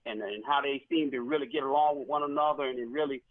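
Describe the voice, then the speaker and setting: A man's voice: mid-range voice, fast. A man calling in to a sports show, making confident predictions in a casual way. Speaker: caller. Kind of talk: casual call-in chat. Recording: phone-line caller.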